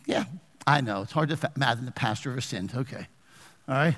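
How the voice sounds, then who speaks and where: In a church sanctuary with a big-room sound, a male pastor preaches fast in a medium-pitched voice. His animated sermon mixes scripture reading with call-and-response questions aimed at the congregation.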